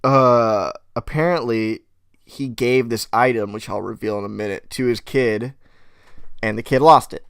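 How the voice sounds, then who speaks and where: A man's voice: mid-range voice, a little slow, vocal fry, clean tone. A young man co-hosting a podcast, telling a story in casual chat, swearing often and acting out what people said. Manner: profane, animated storyteller who acts out quotes. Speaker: podcast co-host. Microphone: headphones and mic.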